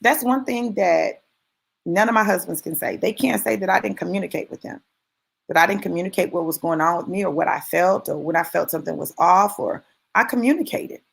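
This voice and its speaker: A lowish, creaky, husky voice carries this woman's fairly quick motivational talk. Emphatic and conversational, she speaks directly to her listeners and leans on repeated key phrases for stress.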